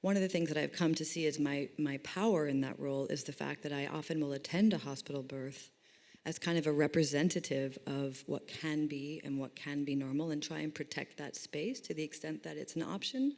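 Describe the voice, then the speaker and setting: A middle-aged woman speaking as a doula at a panel discussion. Her voice sits low, and she talks with emphatic, animated storytelling. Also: fairly quick.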